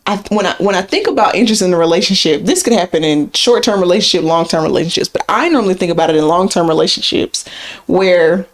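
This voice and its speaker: A woman's voice: lowish voice, quick pace, a little hiss or hum. A woman co-hosting a podcast, talking through points in a casual, explaining way with frequent fillers. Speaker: podcast co-host. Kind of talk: casual conversational podcast chat.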